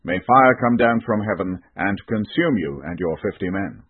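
A man voicing a stern male prophet who pronounces doom in a solemn, measured way. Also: lowish voice, expressive, husky, no room sound. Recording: tinny band-limited recording.

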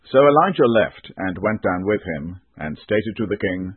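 A man reading scripture aloud in a steady, solemn scripted delivery. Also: lowish voice, moderate pace, few pauses, breathy edge, dry recording. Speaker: scripture reader. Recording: tinny band-limited recording.

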